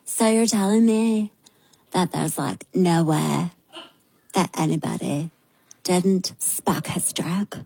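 A woman voicing a mocking impression of a woman interviewer with heavy vocal fry, talking in a slow, sarcastic drawl. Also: fairly low pitch, dark tone, no room sound, heavily acted.

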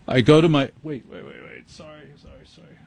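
A man's voice: a little high, lively intonation, brisk, darkish tone, breathy edge. A man hosting a late-night call-in radio show, telling a rambling, self-deprecating story. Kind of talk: rambling comic monologue. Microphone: studio microphone.

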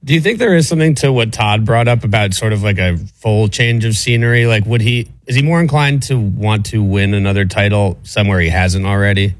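A man's voice: lowish voice, brisk, few pauses, no room sound. A man working as a sports radio producer, asking the host questions in a casual, hesitant way.

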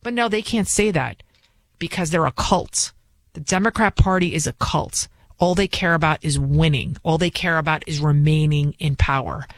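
A woman's voice: low voice, moderate pace, no echo. A woman political commentator talking in an indignant, emphatic way, firing off rhetorical questions and repeating her points. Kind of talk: opinion monologue.

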